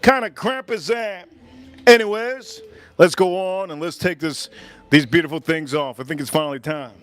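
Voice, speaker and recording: A man's voice: on the high side, normal speed. A man from the United States in his forties, hosting a cooking livestream in casual chat, rambling and repeating himself as he restarts his sentences.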